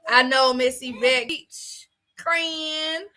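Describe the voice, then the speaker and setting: A woman hosting a casual chat show, talking loudly and emphatically with lots of laughter. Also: sits high, drawn-out words. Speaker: host.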